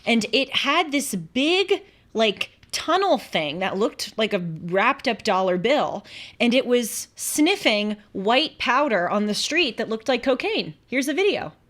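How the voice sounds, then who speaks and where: A woman hosting a live talk show, giving chatty, opinionated commentary with quick asides. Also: fairly high pitch, sing-song, fairly bright tone. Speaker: show host.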